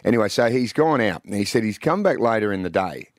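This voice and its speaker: A man with an Australian accent hosting a breakfast radio show, telling stories in an animated, chatty way. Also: fairly low pitch, fast talker, no room sound, studio quality. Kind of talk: casual radio chat. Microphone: studio microphone.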